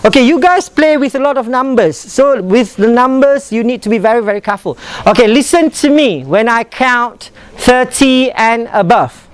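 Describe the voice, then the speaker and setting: A man's voice: very high voice, normal speed, smooth, dry recording. A man from Malaysia with a British-leaning English accent, teaching an English workshop and demonstrating intonation. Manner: animated, demonstrative, mixes in Malay phrases. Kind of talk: classroom lesson on pronunciation. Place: workshop classroom.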